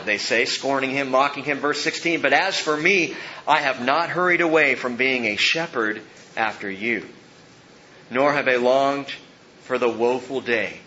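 A man's voice: mid-range voice, moderate pace, sharp tone, slight background noise. A man preaching a verse-by-verse sermon, rising and stressing each quoted line of scripture. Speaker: pastor. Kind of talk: expository sermon. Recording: slightly dull sound, faint ambience.

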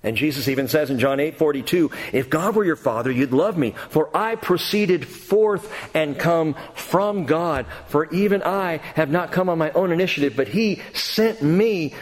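A man preaching a sermon as a pastor, animated, climbing to near-shouts and dropping to quiet asides. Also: a little high, moderate pace, hardly any pauses. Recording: long hall reverb.

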